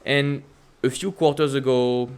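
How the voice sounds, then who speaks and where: Man, French accent, investing host, casual market commentary, emphatic rhetorical questions, medium pitch. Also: steady tone, a little slow, darkish tone, clear, resonant tone. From France. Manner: emphatic, repetitive rhetorical questions with sudden upward pitch leaps.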